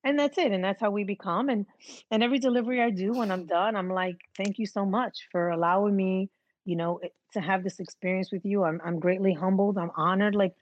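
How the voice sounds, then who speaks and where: A woman's voice: medium pitch, steady tone, brisk, dry recording, lo-fi sound. A woman who works as a midwife, telling her story earnestly and from the heart in a casual interview.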